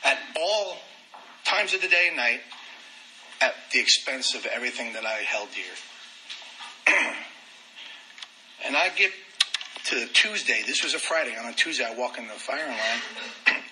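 A man candidly telling his own recovery story, animated and self-deprecating. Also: medium pitch, a little slow, pauses often, slight background noise, rough recording. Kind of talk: personal testimony talk.

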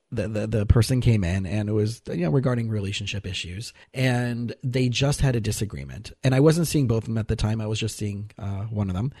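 A man's voice: fairly low pitch, mellow, no room sound, clean studio sound. A man who works as a therapist, hosting a conversational interview and telling a story from his practice in a thoughtful way. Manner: thoughtful, tells stories from his practice with restarts. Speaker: podcast host and therapist.

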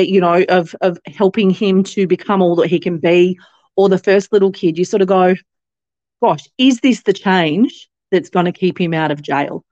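Aussie woman chatting away in a podcast interview, mid pitch, flat dull sound, no room echo. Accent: Australian. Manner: chatty storytelling, many fillers and restarts; animated quoting of others' voices. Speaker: guest, company founder.

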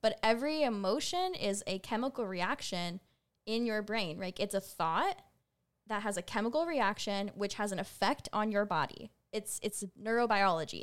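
A woman who co-hosts a podcast and used to teach middle school, chatting casually and telling stories with lively voices for the people in them. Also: mid-range voice, clean tone. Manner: animated storyteller, acts out quoted students.

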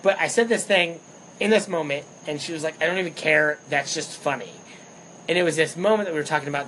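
Animated, storytelling young man, slightly high voice. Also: a little hiss or hum, rough recording. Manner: animated storyteller, swears freely. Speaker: podcast co-host. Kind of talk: casual chat.

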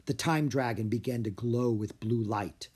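A man narrating a children's storybook with an expressive reading style. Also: medium pitch, moderate pace, breathy edge. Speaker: audiobook narrator.

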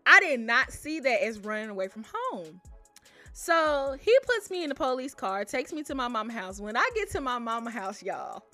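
A young woman telling personal stories in a casual, animated way, often calling out to her listeners. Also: on the high side. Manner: animated, addresses listeners as y'all. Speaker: storyteller. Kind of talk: casual storytelling to camera.

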